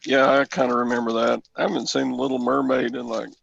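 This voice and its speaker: A man's voice: medium pitch, little pitch movement, a little fast, gravelly, fairly bright tone, highs cut off. A man co-hosting a morning radio show, chatting easily and recalling things. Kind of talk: casual radio chat.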